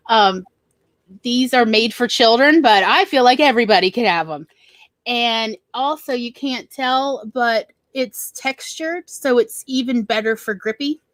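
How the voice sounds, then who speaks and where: A woman's voice: on the high side, fairly bright tone, dry recording. A woman with a Southern US accent hosting a casual livestream chat, rambling and laughing easily. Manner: chatty, rambling, laughs often. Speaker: host.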